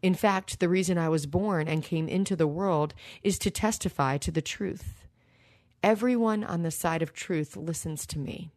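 A woman reading the part of a calm, gentle man who speaks softly and steadily. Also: on the low side, normal speed, no room sound, studio quality, lightly acted.

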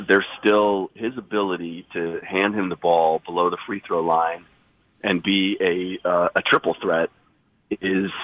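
A man with a cold calling in as a basketball insider, giving thoughtful, rambling analysis with restarts and a deep, husky voice. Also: fairly bright tone, dry recording. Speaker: NBA insider guest. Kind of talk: sports radio call-in analysis. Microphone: phone line. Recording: dull phone-line call.

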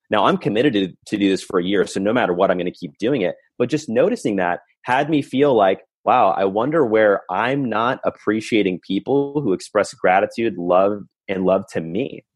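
An earnest man with a low, husky voice talks through a personal story as a podcast guest. He reflects as he goes, piling one thought onto the next. The sound is dry and close. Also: no room sound. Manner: earnest, reflective, talks in long run-on stretches. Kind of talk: candid storytelling conversation.

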